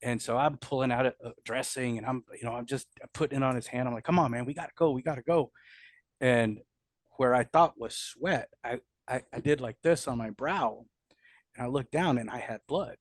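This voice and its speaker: A man's voice: mid-range voice, normal speed, no echo. A middle-aged man, a combat veteran, telling his war memories in an interview, blunt and profane, with many restarts. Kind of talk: candid storytelling interview.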